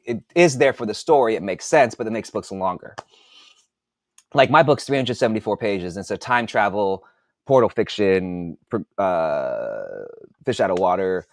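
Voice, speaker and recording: A man's voice: lowish voice, dry recording. A man in his forties, an author hosting a podcast, chatting casually in a rambling, profane way and thinking aloud with restarts. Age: 40s. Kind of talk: casual livestream chat.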